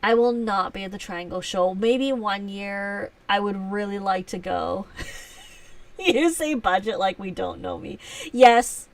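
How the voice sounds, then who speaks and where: A woman's voice: medium pitch, a little slow, gravelly, far from the mic. Chatty woman hosting a live stream. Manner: chatty, self-teasing, laughs often. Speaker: livestream host. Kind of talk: casual live chat answering viewers.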